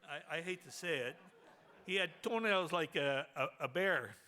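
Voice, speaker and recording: A man speaking at a memorial who tells a humorous anecdote with animated storytelling and laughs along as he goes. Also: a little high, measured pace.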